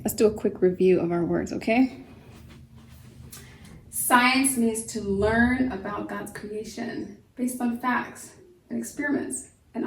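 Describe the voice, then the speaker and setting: A woman teaching a kindergarten vocabulary lesson at home, speaking slowly and patiently, spelling words out letter by letter and asking the children gentle questions. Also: mid-range voice, slight background noise, low-quality recording. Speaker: homeschool teacher.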